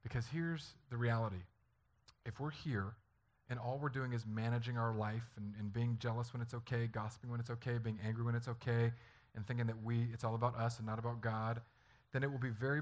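A man's voice: medium pitch, fairly even intonation, fairly quick. A man preaching a sermon as a pastor, talking earnestly and conversationally and acting out stories from family life.

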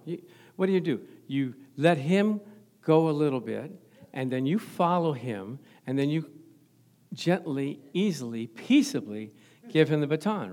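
A man's voice: medium pitch, a little mellow. A middle-aged man preaching a sermon as pastor in a church, joking playfully with the congregation.

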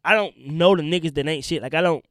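A man's voice: on the high side, fast talker, a bit bright, dry recording, studio quality. A young man hosting his own podcast, ranting bluntly and profanely in a rambling way, a little congested from allergies. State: sick, congested from pollen. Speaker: podcast host and stand-up comedian. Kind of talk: solo podcast rant.

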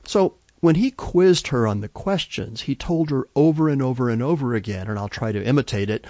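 A man's voice: medium pitch, animated, brisk, few pauses, darkish tone, dry recording. A man hosting a podcast, telling stories in scripted narration with a wry storyteller's timing and punchlines that he stresses. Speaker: podcast host. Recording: dry, slightly dull lo-fi recording.

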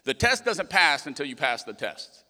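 A young man preaches with animated energy, acting out the voices in his quotes. His voice sits a little high and rings bright and forceful. The sound hangs in a long hall reverb. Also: moderate pace. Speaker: pastor. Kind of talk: sermon.

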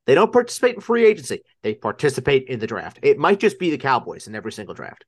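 A man's voice: mid-range voice, sing-song, quick pace, husky, dry recording, studio quality. A man with a Long Island accent co-hosting a casual sports podcast, enthusiastic and prone to stammering repeats. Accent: Long Island New York. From Long Island, New York. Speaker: podcast co-host.

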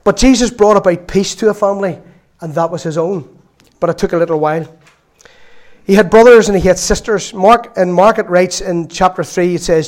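A man's voice: high-pitched, a little fast. Chatty preacher man. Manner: chatty, storytelling, with laughs and asides. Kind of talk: sermon.

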